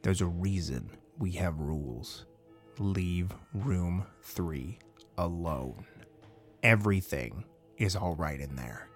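A man playing a calm but distant cinema manager who speaks slowly and sternly. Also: extremely low pitch, faint music behind, pitched below the performer's own voice, full character voice.

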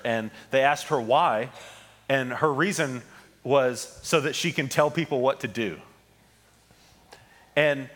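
A man preaches in a relaxed, conversational style, and his ums and small asides come between the points of the sermon. His voice sits in an ordinary middle pitch. A long hall reverb trails after his words. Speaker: pastor.

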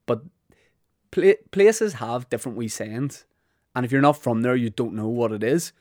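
A man's voice: medium pitch, animated, moderate pace, a little mellow, no echo, clean studio sound. A Northern Irish man hosting a podcast, telling rambling, self-deprecating comic stories. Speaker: podcast host. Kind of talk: comic monologue.

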